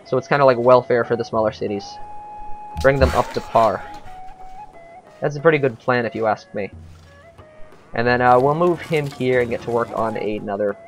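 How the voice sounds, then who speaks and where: A man's voice: medium pitch, normal speed, long pauses, faint music behind. A man giving casual let's-play commentary on a strategy game, thinking aloud with frequent hesitations.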